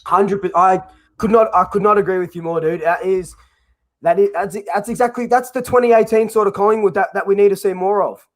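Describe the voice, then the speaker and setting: An Australian man with a high voice hosts a loose footy chat, a bit tipsy after some wine. He swears freely and trips over his words in his excitement. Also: a little fast. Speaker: show host.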